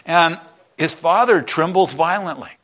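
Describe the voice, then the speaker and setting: Animated male preacher, slightly high voice. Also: measured pace. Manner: animated storytelling, acting out characters. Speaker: pastor. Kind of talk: sermon.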